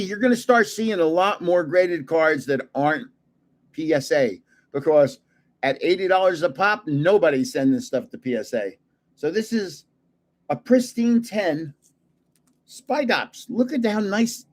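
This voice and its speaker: An older man talks casually to his livestream viewers, chuckling as he goes. His voice sits a bit high and swings widely in pitch. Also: animated, a little slow. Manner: chatty, chuckling, greets viewers. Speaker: card-collecting livestream host. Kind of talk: casual livestream chat while opening cards.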